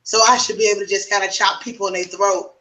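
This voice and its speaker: A woman's voice: medium pitch, steady tone, fast, sharp tone, distant mic, rough recording. A woman co-hosting a casual round-table chat, talking reflectively and giving advice to the younger men at the table. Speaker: co-host.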